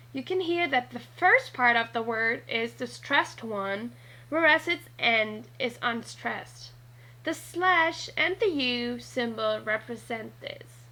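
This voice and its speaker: A woman narrating a scripted lesson, talking slowly and deliberately and spelling out letters one by one. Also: sits high, expressive, bright, forceful tone, rough recording. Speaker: teacher.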